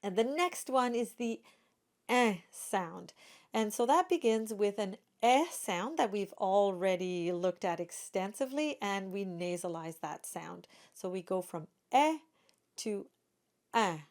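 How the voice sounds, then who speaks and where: Female voice teacher, mid pitch, unhurried and precise, modeling vowel sounds for students. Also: expressive, darkish tone. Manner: careful, demonstrates each sound slowly. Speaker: singing teacher. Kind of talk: pronunciation lesson.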